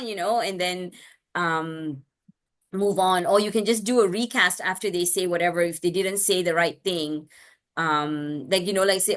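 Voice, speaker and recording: A woman's voice: on the low side, steady tone, moderate pace. Earnest woman explaining child speech. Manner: earnest, often restarts, checks in with "right?"; acts out parent-child exchanges in a brighter voice. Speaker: speech-language expert. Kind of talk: webinar talk answering parents.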